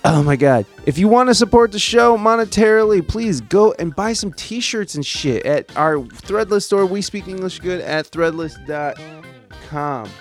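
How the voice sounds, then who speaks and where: A man's voice: sits high, expressive, a little slow, faint music behind. A man hosting a podcast, reading out his plugs in a loose, rambling, profane and self-mocking way. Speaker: podcast host.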